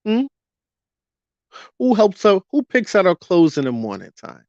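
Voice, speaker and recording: A man with a somewhat high voice delivers a heated commentary rant, pressing his audience with rhetorical questions and drawn-out emphasis. The recording is dull and lo-fi, with a close, dry sound and no room echo. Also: sing-song, darkish tone. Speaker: vlogger. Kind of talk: ranting commentary monologue.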